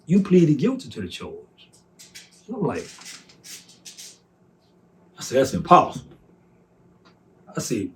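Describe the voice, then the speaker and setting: A man in his forties telling his personal testimony, softly and earnestly recounting a conversation by voicing each side. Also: mid-range voice. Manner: recounts dialogue by voicing both sides, soft and earnest. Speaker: testimony speaker.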